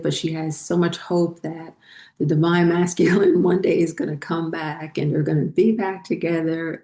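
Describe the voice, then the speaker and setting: A woman talks through her own story, slow and unhurried, often pausing on ums and correcting herself as she goes. Her voice sits low and mellow. The room around her gives it a noticeable echo. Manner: rambling, frequent ums and self-corrections. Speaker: spiritual channel host. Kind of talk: casual personal storytelling.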